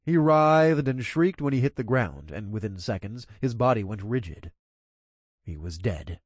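A man narrating an audiobook with expressive energy, his pitch swinging widely up and down through the action. His voice sits at a middle pitch for a man. The recording is dry and close with no room sound. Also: a little slow, no room sound.

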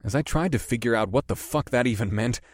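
A man narrating a first-person fantasy audiobook in a steady, measured way. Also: mid-range voice, no echo, studio quality.

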